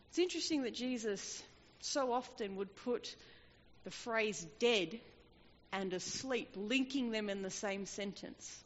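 A woman preaching a sermon, telling a scripture story with lively acted-out voices. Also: on the high side, unhurried. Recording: dull, echoey hall.

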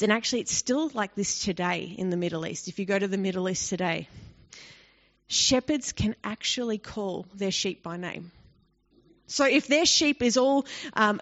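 A woman teaching a Bible passage in an explanatory, conversational way, often asking the listeners rhetorical questions. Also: medium pitch. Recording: dull lo-fi recording.

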